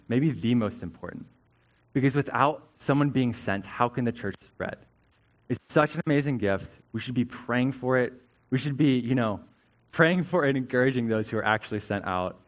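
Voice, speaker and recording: A man's voice: mid-range voice, lively intonation, normal speed, highs cut off. A male pastor giving a conversational sermon, often checking in with "right?" as he teaches.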